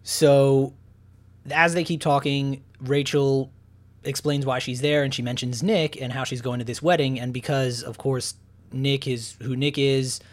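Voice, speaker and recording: A man's voice: medium pitch, steady tone, normal speed. A man casually recapping a film's plot in a rambling way, full of fillers and restarts. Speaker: podcast co-host recapping a film. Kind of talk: casual chat.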